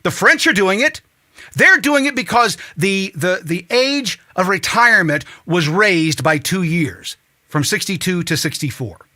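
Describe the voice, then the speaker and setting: A man hosting a talk show, delivering an angry, profane political monologue that rises to shouting. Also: high-pitched, expressive, measured pace. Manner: ranting, swearing, rising to shouts.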